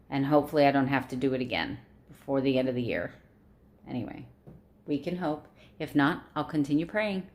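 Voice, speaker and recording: A middle-aged woman chatting casually to camera as a vlogger, rambling and correcting herself as she goes. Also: sits low. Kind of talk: casual chat.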